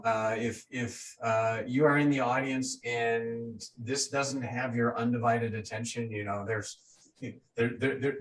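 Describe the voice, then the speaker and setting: A man hosting a webinar discussion on a video call, speaking in a halting, emphatic way with many restarts. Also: fairly low pitch, recorded from a distance, a little hiss or hum, low-quality recording. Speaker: host.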